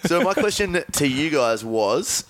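A man's voice: fairly high pitch, sing-song, measured pace, slight background noise. A man hosting a podcast, reading out odd news items and joking along in casual banter. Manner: wry, jokey delivery. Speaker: podcast host.

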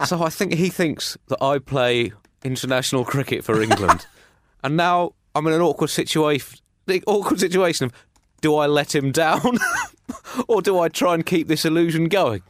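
A man's voice: a little high, big pitch swings, normal speed. A man co-hosting a comic podcast, rambling and self-mocking, chuckling through his jokes. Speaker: podcast co-host.

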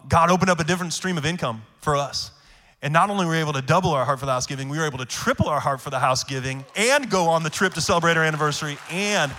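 Fast, bright-voiced male pastor preaching. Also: on the high side. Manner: energetic, emphatic preaching with call-outs. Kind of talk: sermon. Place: large church arena. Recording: long hall reverb, faint music.

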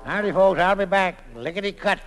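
A man playing a shady, fast-talking dance professor in a 1940s radio comedy, with wisecracking, giggly patter. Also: high voice, soft background music, natural voice, poor audio.

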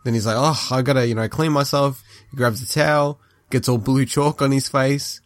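A man's voice: medium pitch, fairly even intonation, normal speed, dry recording. A man casually recapping a TV episode on a podcast, chatty and laughing now and then. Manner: chatty, recounts scenes with laughs and acted quotes. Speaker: podcast co-host. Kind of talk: casual chat recapping a show.

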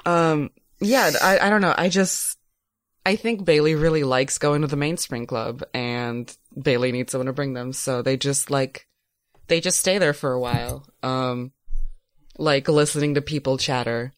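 A woman playing a tabletop game in casual talk, halting with many fillers and laughs. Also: extremely low pitch, no echo.

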